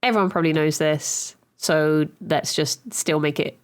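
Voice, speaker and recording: A woman's voice: deep voice, normal speed. Playful woman podcast co-host. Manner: chatty, laughs easily, playful. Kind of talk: casual chat.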